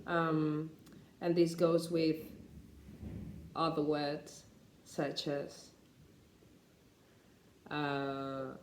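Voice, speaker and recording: A woman teaching English pronunciation, talking slowly and deliberately with frequent hesitations. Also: low voice, completely flat delivery, roomy sound. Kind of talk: pronunciation lesson to camera.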